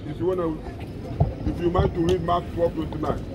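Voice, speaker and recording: A man's voice: on the high side, level tone, a little fast, lo-fi sound. A man debating religion with street preachers, insistent and stammering when pressed. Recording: noisy street recording.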